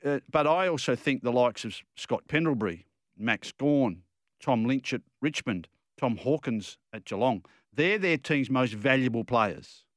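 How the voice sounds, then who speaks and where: A man's voice: mid-range voice, expressive, a little slow, no room sound. Australian man, radio football pundit, opinionated, rambling, dry close mic. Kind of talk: casual radio chat.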